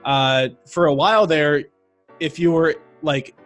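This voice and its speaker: A man, a podcast guest telling a long story in casual talk, rambling and animated with lots of fillers. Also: fairly high pitch, measured pace, soft background music.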